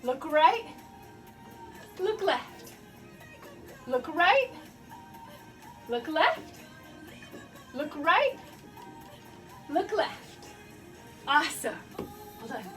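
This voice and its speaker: A woman's voice: high voice, sing-song, drawn-out words, pauses often, fairly bright tone, soft background music. A woman teaching children a dance storytime from her basement, playful and encouraging, laughing often and making animal sounds. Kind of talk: guided movement storytime for kids. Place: home basement.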